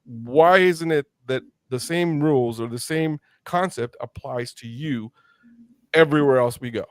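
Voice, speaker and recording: A man's voice: medium pitch, unhurried, no room sound, studio quality. A man born in Mexico hosting a podcast interview, talking passionately and rambling with many restarts. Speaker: podcast host. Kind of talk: casual interview chat.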